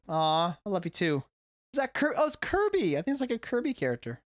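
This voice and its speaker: A man with a high voice and huge pitch swings talks a little fast, with no echo. He's an English teacher at home, working through a reaction video in a casual, rambling vlog where he keeps correcting himself.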